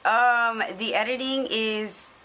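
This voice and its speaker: A woman's voice: a little high, fairly even intonation, slow, sharp tone, a little hiss or hum, low-quality recording. A middle-aged woman, guesting on a casual podcast, chatty and self-mocking, swearing now and then. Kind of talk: casual chat.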